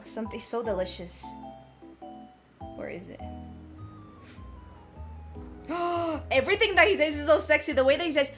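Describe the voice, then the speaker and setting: A woman's voice: high voice, sing-song, measured pace, long pauses, fairly bright tone. A woman streamer chatting casually while she cooks, giggling often and gushing and swearing freely. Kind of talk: casual livestream chat while cooking. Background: background music.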